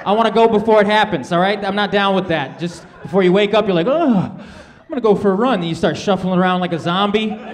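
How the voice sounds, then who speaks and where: Man in his thirties, fairly high voice, laid-back stand-up comedy, casual chatty delivery, live stage mic. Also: fairly even intonation, fast talker, few pauses. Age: 30s. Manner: laid-back, conversational, peppers lines with "man" and "right?".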